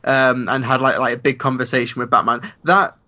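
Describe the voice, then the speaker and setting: A man co-hosting a casual podcast, recounting events in a measured, matter-of-fact way. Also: medium pitch, level tone, sharp tone. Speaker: podcast co-host. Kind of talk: casual chat. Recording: muffled lo-fi mic.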